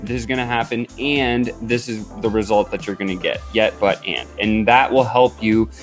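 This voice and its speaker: A man hosting an upbeat sales coaching vlog, talking in an energetic, chatty way with frequent fillers. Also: lowish voice, normal speed, faint music behind.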